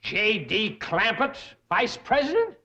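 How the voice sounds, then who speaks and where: Sour, sarcastic banker. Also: male voice, high voice, sing-song, slow, bright, forceful tone, dull audio, exaggerated voice. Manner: dry, sarcastic asides. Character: sour, suspicious middle-aged banker. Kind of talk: 1960s TV sitcom acting. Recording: old TV audio with hiss.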